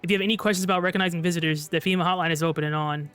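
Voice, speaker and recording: A man voicing a brisk male news anchor in a game, reading the bulletin quickly in a flat newsreader manner. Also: fairly high pitch, clear, resonant tone, soft background music, close to an everyday voice. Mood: formal.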